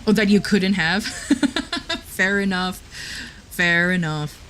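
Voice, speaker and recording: A woman's voice: mid-range voice, very animated, slow, fairly bright tone. A woman livestreamer chatting casually with her chat, giggling often and restarting her sentences.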